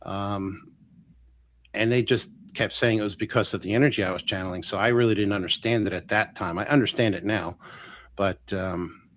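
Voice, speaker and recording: A man talking casually as a guest on a live interview show, retelling a personal story with lots of acted-out quotes and quick restarts. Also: on the low side, slight background noise. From Florida. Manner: animated, acts out quoted voices, restarts often. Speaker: guest healer.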